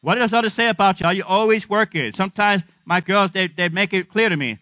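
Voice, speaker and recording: A man's voice: sits high, quick pace, pushed and bright, no room sound. A middle-aged man preaching a sermon as pastor, humorous and conversational, often asking the congregation questions. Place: church. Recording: dull, slightly lo-fi dry sound with mains hum.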